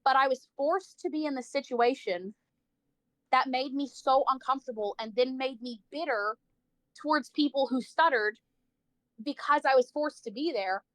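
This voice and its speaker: A woman's voice: high-pitched, moderate pace, fairly bright tone, no echo. A woman livestreamer telling a personal story in casual chat, saying "like" a lot, swearing freely and acting out the people she quotes.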